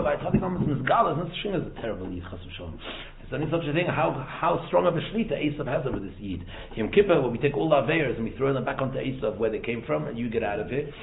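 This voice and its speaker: Fast-talking man teaching, tinny echoey sound. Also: mid-range voice, a little hiss or hum. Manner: fast, repeats words and restarts, mixes in Hebrew and Yiddish terms. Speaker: rabbi teaching a Torah talk. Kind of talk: informal Torah lesson. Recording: tinny phone-like echoey room recording.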